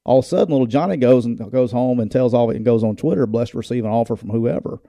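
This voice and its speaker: Animated storytelling former coach, dark voice. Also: male voice, medium pitch, racing, vocal fry, no echo. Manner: animated, acts out quoted voices, laughs while telling stories. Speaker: former college football coach, show co-host. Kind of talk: casual storytelling chat.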